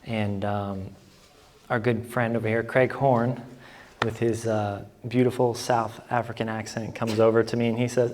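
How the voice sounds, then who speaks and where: A man's voice: lowish voice, flat delivery, normal speed, a little mellow, slight background noise. Young man hosting a casual interview. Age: young adult. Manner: rambling, friendly storytelling with many fillers. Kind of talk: casual interview at a church event. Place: church meeting room.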